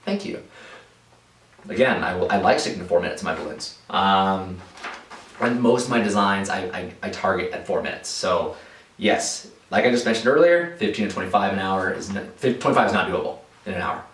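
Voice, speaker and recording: A fairly low-voiced man talking through viewer questions in a casual vlog, rambling with many fillers and restarts. His voice rings in an echoey room and sits some distance from the mic. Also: expressive, fairly quick, fairly bright tone. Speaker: balloon artist answering viewer questions.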